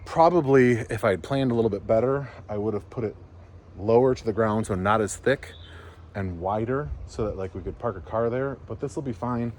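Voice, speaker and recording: A man with a fairly low voice talks casually to his camera outdoors, wandering from point to point in a rambling, easygoing way. The sound is plain action-camera audio with a faint hum of noise behind him. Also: a little fast, a little mellow. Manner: rambling, easygoing, explaining as he goes. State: out of breath. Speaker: homesteading vlogger. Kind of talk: casual vlog walkthrough. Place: outdoors at a barn and driveway.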